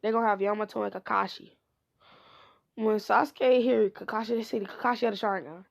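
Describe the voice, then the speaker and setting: A woman's voice: medium pitch, a little fast, vocal fry. Rambling woman retelling a fan story. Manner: rambling, repeats "he would say". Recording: dull lo-fi recording.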